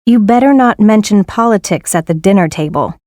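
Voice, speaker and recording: A woman's voice: mid-range voice, expressive, brisk, darkish tone, dry recording. Woman reading practice sentences plainly, dry recording. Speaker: example sentence reader. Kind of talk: scripted grammar exercise sentences.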